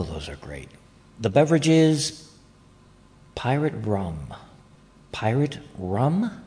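A congested man with a fairly low, darkish voice hosts a podcast. His casual chat is jokey and rambling, full of wandering asides.

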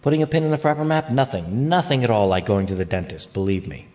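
A man's voice: medium pitch, expressive, fast, darkish tone. A congested man hosting a podcast in a casual, joking, rambling way. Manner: jokey, rambling asides. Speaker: podcast host. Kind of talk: casual chat.

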